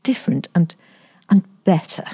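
A woman reading aloud who voices a headstrong, lofty young woman, a little higher than her narration. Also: very animated, normal speed, dark tone, slightly rough, full character voice. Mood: spirited.

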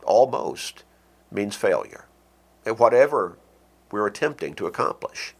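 A middle-aged man preaching an earnest radio sermon, with slow, deliberate stresses on key words. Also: on the low side, expressive, vocal fry.

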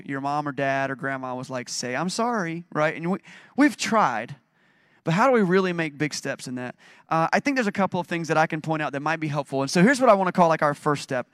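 A man's voice: a little high, fairly bright tone, no room sound, clean studio sound. Emphatic conversational male pastor. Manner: conversational, emphatic preaching with dramatic readings. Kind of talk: sermon.

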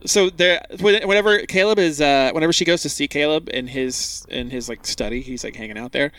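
A man's voice: on the high side, brisk, fairly bright tone, clear, resonant tone, no room sound. A young man co-hosting a casual rewatch podcast, blunt and exasperated, swearing casually. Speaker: podcast co-host.

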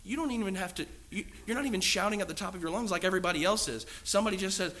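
A man's voice: high-pitched, racing, hardly any pauses, bright, forceful tone. A man preaching a sermon in an earnest, emphatic way, asking the congregation many rhetorical questions.

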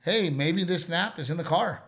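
Man, thirties, higher voice, podcast co-host, casual joking chat. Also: normal speed, a bit bright. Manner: easygoing, joking, says "dude" and "right?".

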